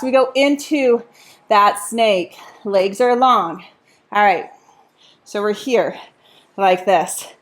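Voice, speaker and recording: A woman with a slightly high voice leads a Pilates class while doing the exercises herself. She counts reps and cheers the group on, getting out of breath at times.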